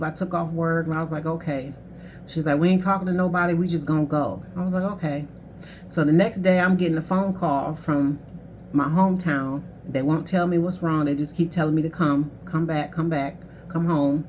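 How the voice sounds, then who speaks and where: A woman's voice: low voice, a little hiss or hum. A woman in her thirties, a life coach, candidly telling a painful personal story in a casual, conversational way. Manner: candid, conversational, emotional, quoting others.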